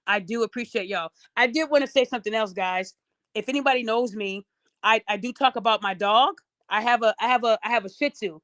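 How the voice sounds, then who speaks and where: A middle-aged woman chatting casually to her viewers, telling stories in a lively, talkative way. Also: a little high, no echo, clean studio sound. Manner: chatty, storytelling, addresses audience as y'all. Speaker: podcast host.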